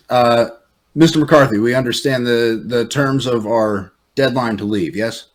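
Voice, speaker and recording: A man as a player in a tabletop role-playing game, speaking in a measured way. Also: mid-range voice.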